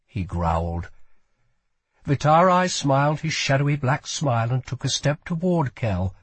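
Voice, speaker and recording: Husky, slow male audiobook narrator. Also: mid-range voice, sing-song, dry recording. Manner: measured, dramatic reading.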